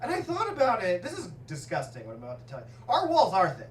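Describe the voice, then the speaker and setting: A man doing a stand-up set, telling stories in an animated way and laughing at his own jokes in a comedy club. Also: high-pitched, fast talker, slight background noise. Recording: roomy club sound, mic at a distance, audience laughter.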